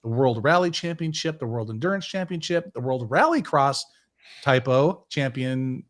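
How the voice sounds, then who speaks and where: A man's voice: fairly high pitch, expressive, normal speed. A man hosting a casual podcast, rambling and correcting himself as he goes. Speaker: podcast host.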